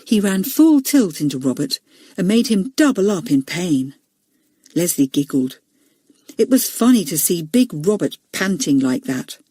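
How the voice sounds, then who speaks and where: Warm, expressive woman reading a storybook. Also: fairly low pitch, a little slow, slightly rough, no room sound, studio quality. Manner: expressive, voices each character. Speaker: audiobook narrator. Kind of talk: storybook narration.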